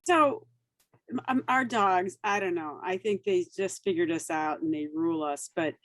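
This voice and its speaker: A woman's voice: lowish voice, moderate pace, dry recording. Chatty woman on a dry call line. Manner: chatty, rambling, with fillers and laughs. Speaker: caller asking a question. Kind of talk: casual chat on a video call. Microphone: video call.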